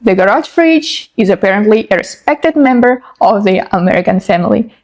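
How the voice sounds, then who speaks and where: A woman's voice: mid-range voice, expressive, fairly quick, a little mellow. A woman narrating in a wry, scripted comic style, leaning hard on her key words. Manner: wry, exaggerated emphasis. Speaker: immigrant.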